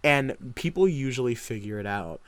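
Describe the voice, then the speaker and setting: A man's voice: mid-range voice, lively intonation, moderate pace, no room sound. A young man co-hosting a casual podcast, rambling eagerly and acting out his own reactions. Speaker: podcast co-host. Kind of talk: casual chat.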